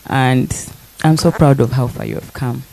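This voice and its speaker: Young ugandan woman thanking people at a press conference, soft voice, laughs a lot, mixes english and luganda. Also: rumbling low, moderate pace, gravelly. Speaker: singer thanking guests. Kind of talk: emotional speech at press conference.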